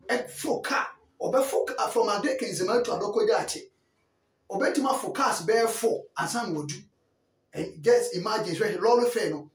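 A Ghanaian man giving football news in a lively, chatty way, often checking that listeners follow along. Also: high voice. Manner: animated, chatty, keeps asking listeners if they follow. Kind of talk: casual sports news chat. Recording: echoey room, voice from a distant mic.

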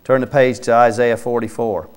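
Emphatic male preacher with a smooth voice. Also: medium pitch, flat delivery, normal speed. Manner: reads scripture aloud with his own name inserted, then comments; emphatic, rising to loud exhortation. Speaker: pastor. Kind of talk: sermon. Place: church sanctuary.

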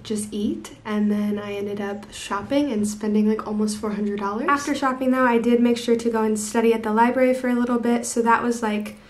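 A woman's voice: a little high, fairly even intonation, fairly quick, hardly any pauses, a little mellow. A young American woman in her twenties, talking to her phone camera in a casual vlog, chatty and full of fillers. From United States. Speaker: vlogger. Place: outdoors on city streets. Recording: noisy street background.

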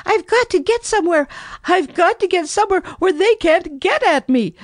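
A reader voicing a frightened tiny male meadow mouse, squeaky and sobbing. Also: sing-song, moderate pace, dry recording, studio quality. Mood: panicked.

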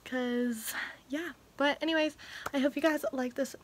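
Softly chatty young woman vlogger. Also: high voice, fairly even intonation, measured pace, a little hiss or hum, low-quality recording. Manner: chatty, rambling, speaks softly and half-whispers because family sleeps. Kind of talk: casual haul vlog chat. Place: at home indoors.

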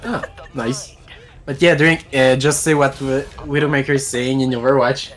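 A man's voice: medium pitch, steady tone, normal speed, a bit bright. Man teasing on voice chat. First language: French. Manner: teasing, laughs often. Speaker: gaming friend, fellow streamer. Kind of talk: casual gaming chat.

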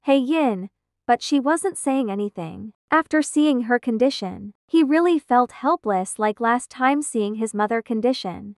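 A woman's voice: on the high side, expressive, unhurried, hardly any pauses, no echo, studio quality. A woman narrating a fan fiction story as a plain voice-over reading with non-native grammar.

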